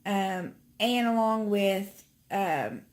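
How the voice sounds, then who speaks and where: A woman's voice: mid-range voice, lively intonation, drawn-out words. A pregnant woman giving a casual, chatty update to her channel, a little out of breath, with many ums and restarts. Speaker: vlogger.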